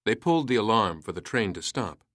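Low-voiced man narrating a story. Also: no echo, clean studio sound. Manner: measured, steady reading.

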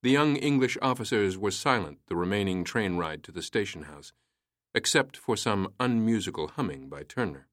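A man reading a story aloud in a measured, steady way. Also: lowish voice, no echo, studio quality. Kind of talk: storytelling narration.

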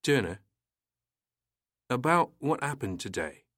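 A man's voice: medium pitch, big pitch swings, slow, a bit bright, no room sound, clean studio sound, heavily acted. A man voicing a nervous, stammering young English officer in a read-aloud story. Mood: hesitant. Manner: hesitant, stammering.

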